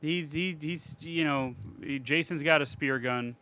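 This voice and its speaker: A man's voice: a little high, unhurried, smooth. A man co-hosting a podcast, retelling a movie in casual chat with profane jokes and laughter. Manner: profane, joking, animated retelling. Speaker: podcast co-host.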